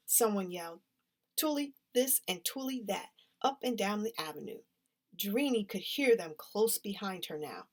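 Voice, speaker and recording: A woman reading a children's story aloud in a lively, expressive way. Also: medium pitch, a little slow. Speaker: story reader.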